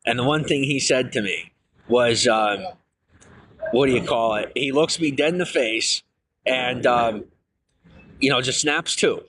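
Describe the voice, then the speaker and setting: A man's voice: medium pitch, a little slow, long pauses, a bit bright, slight background noise, rough recording. A man streaming to viewers, telling long rambling personal stories full of fillers and restarts.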